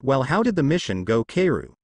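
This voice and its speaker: A man's voice: mid-range voice, very animated, no echo. A man doing a weary, cautious village leader. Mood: cautious questioning. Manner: measured, questioning.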